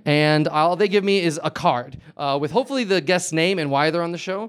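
A man hosting a comedic talk show live on stage, rambling and halting with sudden eager bursts. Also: a little high, clean tone. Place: live stage before an audience.

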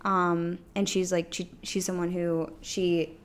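Monotone young woman, low voice. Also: slow, clear, resonant tone. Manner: flat, monotone delivery. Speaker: podcast co-host. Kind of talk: casual chat.

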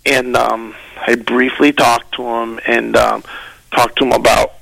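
Gravelly-voiced male comedian telling stories. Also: mid-range voice, unhurried, no echo, rough recording. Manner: animated, slips into voices for quoted people. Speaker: guest comedian. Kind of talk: casual storytelling.

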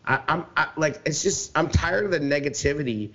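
A man's voice: a little high, brisk, sharp tone. Ranting man on a sports podcast. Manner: ranting, heated, swears a lot, many fillers. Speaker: podcast co-host. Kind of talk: profane sports podcast rant. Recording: dull lo-fi podcast recording.

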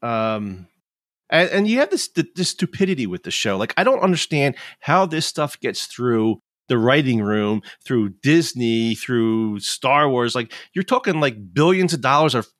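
A man's voice: medium pitch, sing-song, unhurried, a bit bright, dry recording, studio quality. A man in his fifties, chatting casually and ranting in frustration, swearing freely. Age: 50s. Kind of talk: casual chat.

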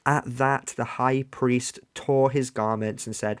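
A man's voice: mid-range voice, fairly even intonation, slow pace, smooth. A man talking casually and earnestly, thinking aloud as he explains a point to an interviewer. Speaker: guest discussing scripture.

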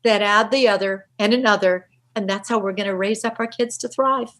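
A middle-aged woman, a parenting author, giving energetic interview answers and acting out little quotes in lively voices. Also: medium pitch, fairly quick.

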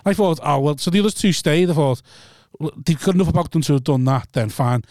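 A man, a stand-up comedian, teases his co-host and tells rambling anecdotes in casual podcast chat. His voice sits a little high, and the recording is close and dry. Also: quick pace, darkish tone, dry recording.

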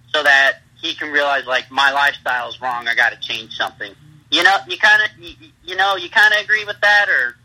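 A man's voice: a little high, bright, forceful tone, low-quality recording. A man, a pro wrestler, telling rambling stories in a casual interview and laughing through them.

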